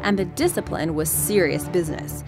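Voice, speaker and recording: A woman reads a scripted science explainer in a brisk, wry way. Her pitch moves a lot as she speaks. Clear music plays behind her, since the video is played over the stream. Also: lively intonation.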